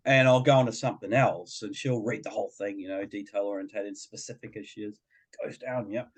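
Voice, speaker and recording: In a casual podcast chat, the middle-aged behaviour coach tells a personal story and acts out other people's voices. He talks fairly quickly in a lowish voice with fairly even intonation.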